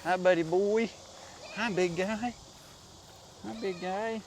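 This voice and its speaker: A man's voice: high-pitched, steady tone, takes it slowly, noisy background. A man hosting a farm vlog outdoors, chatting casually and talking fondly to his animals. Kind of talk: casual chat while doing farm chores.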